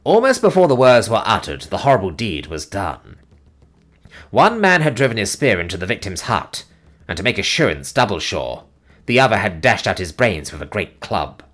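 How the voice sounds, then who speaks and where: A man with a low voice reads an audiobook in a dramatic, highly expressive way. His intonation swings very widely from line to line. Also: moderate pace. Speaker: audiobook narrator. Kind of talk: scripted narration.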